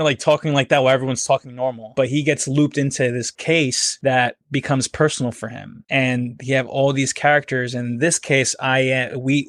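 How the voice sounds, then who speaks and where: A man's voice: mid-range voice, no echo. A man, a guest comedian and actor, talking casually and rambling with many fillers and laughs. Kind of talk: casual podcast conversation. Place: home, near Philadelphia.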